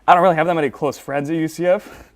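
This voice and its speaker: A man's voice: a little high, fairly even intonation, rapid-fire, crowd noise. A young man, a graduating student on a sports show, giving an impromptu farewell while trying not to cry. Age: young adult. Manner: emotional, fighting back tears.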